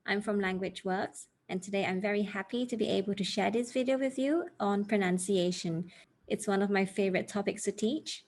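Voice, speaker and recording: A woman teaching an online English pronunciation lesson, enunciating words slowly and carefully so viewers can repeat them. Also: mid-range voice. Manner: slow, careful enunciation, modeling words for repetition.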